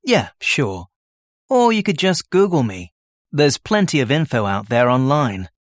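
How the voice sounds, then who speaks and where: A man's voice: medium pitch, big pitch swings, measured pace, no room sound, clean studio sound. A man as a workshop tutor in a scripted listening-test dialogue, explaining his plans plainly. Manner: explains plans plainly, answers questions readily.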